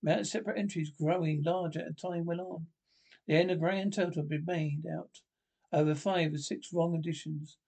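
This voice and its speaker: A man reading a classic adventure novel aloud, in a halting way with restarts and slips. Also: fairly high pitch, steady tone, gravelly, darkish tone. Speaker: audiobook reader.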